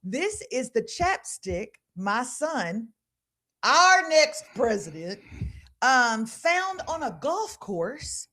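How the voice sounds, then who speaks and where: A middle-aged woman hosting a casual live podcast, telling lively stories and mimicking people. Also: sits high, drawn-out words. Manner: animated storyteller, laughing, mimicking others. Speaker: podcast host.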